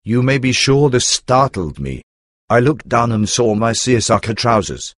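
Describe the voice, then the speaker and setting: A man narrating a first-person memoir in a measured, earnest storytelling manner. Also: mid-range voice, lively intonation, fairly bright tone, no echo, studio quality.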